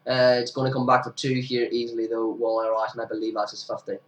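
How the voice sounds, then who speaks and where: A young man talks through cricket highlights in a chatty, casual commentary and breaks into excited shouts whenever a big moment comes. His voice sits at an ordinary pitch and has a sniffly, hay-fever edge. He sounds set back from the mic in a roomy, echoing space. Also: fast talker, recorded from a distance. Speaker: amateur cricket commentator for his own club.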